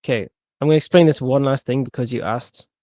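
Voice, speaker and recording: Male tutor, mid-pitched, patient, spells out syllables, dry close mic. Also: darkish tone, no echo. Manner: patient, repeats words slowly syllable by syllable. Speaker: Arabic teacher. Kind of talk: one-on-one Quran reading lesson.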